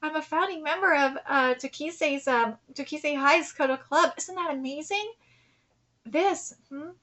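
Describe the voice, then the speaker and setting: Very high, bright-voiced woman reading manga. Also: moderate pace. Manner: emotional, near tears, laughing asides. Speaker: streamer reacting to manga. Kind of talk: reading manga aloud with live reactions.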